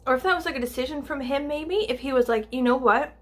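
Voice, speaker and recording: A woman's voice: high-pitched, fast talker. A young woman talking casually about a book she listened to, rambling and full of asides and fillers. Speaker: book vlogger. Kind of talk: casual chat.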